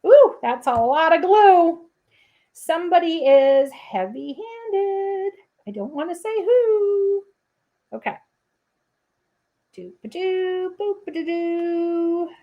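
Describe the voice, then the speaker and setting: A woman's voice: very high voice, very animated, slow pace, lo-fi sound. A woman hosting a casual crafting livestream, chatting to viewers with playful asides and humming little scat tunes while she works. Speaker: papercrafting livestream host.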